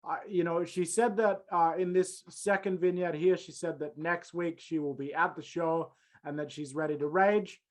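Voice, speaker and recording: Higher-voiced man recapping casually. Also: fairly even intonation, normal speed. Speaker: podcast co-host. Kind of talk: casual wrestling review chat.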